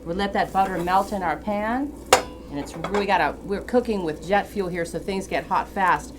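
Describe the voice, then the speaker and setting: A woman's voice: medium pitch, normal speed, heavy background noise. A woman guest chef giving a chatty cooking demonstration in a TV studio kitchen, explaining each step as she goes.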